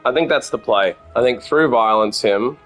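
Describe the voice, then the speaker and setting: Swearing Australian streamer thinking aloud. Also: male voice, mid-range voice, moderate pace, fairly bright tone, faint music behind. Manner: thinks aloud, swears freely, chats with viewers. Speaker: game streamer. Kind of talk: casual gameplay commentary.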